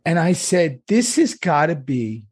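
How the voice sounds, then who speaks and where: A man in casual chat, excitedly telling a story and acting out what people said with big jumps in his voice. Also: a little slow, slightly rough. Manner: excitable, acts out quotes with big pitch jumps.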